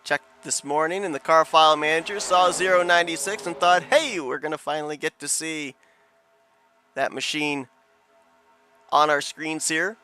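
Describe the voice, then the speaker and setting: A man commenting on a sim race broadcast in quick, chatty play-by-play with bursts of excitement. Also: on the high side, soft background music.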